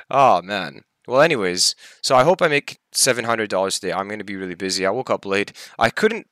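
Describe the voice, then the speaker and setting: A man's voice: lowish voice, animated, fairly quick, hardly any pauses, a bit bright, no echo. A young man venting his stress and anger in a daily vlog, swearing often and sounding tired. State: tired, half asleep. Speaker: vlogger.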